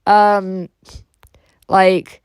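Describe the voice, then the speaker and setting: A woman from Russia with an English accent talks on her livestream, answering viewers bluntly and crudely in a loose, rambling flow full of "like". Her voice sits at an ordinary middle pitch. The recording is close and completely dry. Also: level tone, drawn-out words, clear, resonant tone, no echo. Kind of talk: casual livestream chat, reacting to viewer messages.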